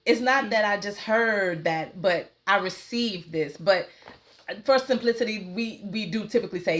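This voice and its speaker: A woman hosting a podcast in casual conversation, relaxed, laughing easily and quoting her own thoughts. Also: mid-range voice, moderate pace. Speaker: podcast host.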